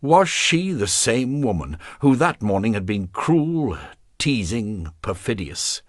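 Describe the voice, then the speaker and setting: Give me a slow male audiobook narrator with a dry close recording. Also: medium pitch, very animated, no echo. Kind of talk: scripted narration.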